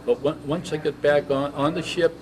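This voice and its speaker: A man in his eighties, a veteran, telling his service story in an oral history interview, halting and reminiscing. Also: fairly high pitch, steady tone, rough recording. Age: 80s.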